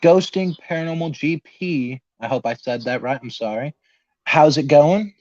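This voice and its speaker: Brief: young male podcast host, higher-pitched, nervous, laughs often; dry, dull lo-fi recording. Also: lively intonation, moderate pace, darkish tone, no room sound. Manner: nervous, laughing, reading viewer comments aloud. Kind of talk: casual livestream chat.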